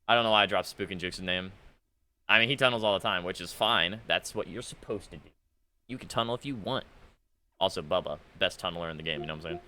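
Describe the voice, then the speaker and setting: A man's voice: sits low, fast talker, bright, forceful tone. A young man giving casual, sarcastic commentary while reading out chat messages from a game, exasperated and mocking. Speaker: gaming content creator.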